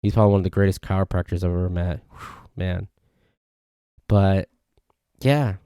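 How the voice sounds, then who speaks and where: Gravelly low-voiced guy rambling. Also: fairly even intonation, normal speed, mellow, no room sound, studio quality. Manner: rambling, self-correcting storytelling. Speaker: podcast host. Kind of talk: casual solo podcast rant. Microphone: podcast mic.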